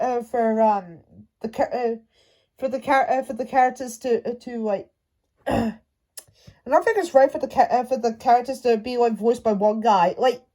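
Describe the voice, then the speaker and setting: Brief: high-pitched woman, fan rant, halting delivery full of restarts. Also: darkish tone. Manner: halting, stumbling, many restarts. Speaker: fan commentator. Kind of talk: casual rant to camera.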